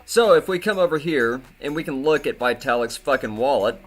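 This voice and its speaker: A man's voice: mid-range voice, lively intonation, a little fast, soft background music. A man hosting a crypto commentary video, talking in an indignant, profane way and often repeating himself. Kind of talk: angry commentary rant.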